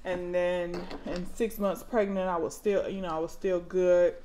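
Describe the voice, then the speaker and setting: A woman in her thirties telling stories about her kids in a casual vlog, dramatic and animated, jumping into loud high outbursts when she acts out moments. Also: a little slow, a little hiss or hum. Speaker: mom vlogger.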